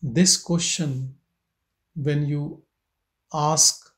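A man leading a spiritual satsang, speaking slowly and contemplatively, asking questions and leaving long pauses. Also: on the high side, darkish tone. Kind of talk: slow contemplative spiritual talk. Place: meditation centre hall.

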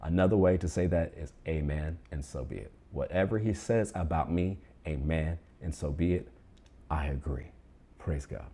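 Speaking at a normal pace, a pastor with a warm bass voice and a breathy edge delivers a sermon. He reads scripture aloud and prompts the online congregation to repeat phrases after him.

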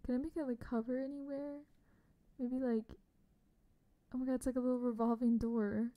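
A young woman streaming a game, chatting casually and bubbly with her viewers, often dropping to a soft whisper. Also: fairly high pitch, flat delivery, moderate pace. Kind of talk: casual livestream chat. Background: faint background music.

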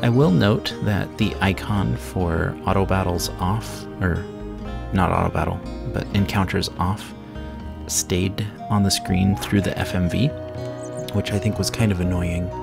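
A man casually commenting on a game he plays, explaining mechanics in a relaxed, self-correcting way into a sensitive desk mic. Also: sits low, a little slow, vocal fry. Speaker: let's play host. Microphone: sensitive desk microphone. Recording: game music under the voice.

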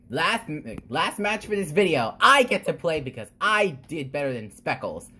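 Husky-voiced woman gaming, super low pitch but jumps around a lot, squeals. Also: moderate pace, few pauses. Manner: excitable, squeals and exclamations. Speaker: gamer, channel host. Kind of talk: gameplay commentary.

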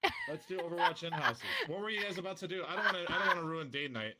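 A man's voice: sits high, rapid-fire, background noise. A man joking and chatting on a voice call, swearing casually.

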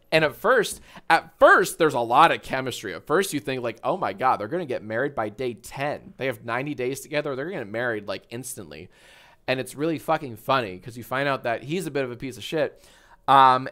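A male streamer in his thirties talks in a bright, forward voice. His pitch swings widely as he tells a story, swearing and breaking into laughter. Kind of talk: casual livestream chat.

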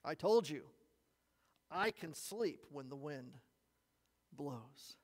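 A man voicing a short, thin, older hired farmhand who answers calmly and firmly. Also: on the high side, takes it slowly, big-room sound. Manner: calm and firm, quiet.

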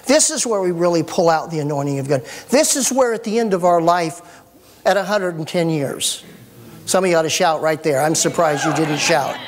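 A middle-aged man preaching a sermon as pastor, folksy and animated with joking asides. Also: on the high side, normal speed.

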